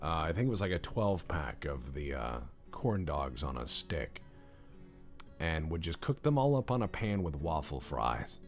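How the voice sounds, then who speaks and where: A man's voice: very deep voice, sing-song, measured pace, faint music behind. A man hosting a let's-play video, chatting casually in a rambling, profane, self-deprecating way. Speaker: gaming channel host.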